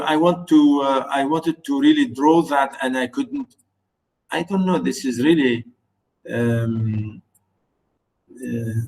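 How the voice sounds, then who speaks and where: A man teaching an online poetry lesson, chanting stress patterns syllable by syllable with halting pauses and restarts. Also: on the high side, darkish tone, low-quality recording. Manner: many fillers and restarts while explaining.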